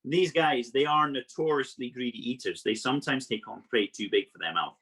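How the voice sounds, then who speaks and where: A man with a husky voice talks children through facts about the animals he keeps. He explains things in a lively, playful manner, full of asides. He is heard through a video call. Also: medium pitch, brisk. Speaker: exotic animal presenter. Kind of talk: live online animal workshop for children.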